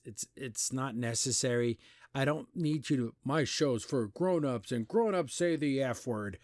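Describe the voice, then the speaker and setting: A man hosting a podcast, recapping and criticizing an animated pilot in casual, exasperated commentary with mocking quoted voices. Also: medium pitch, dry recording, clean studio sound. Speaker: podcast host reviewing an animation.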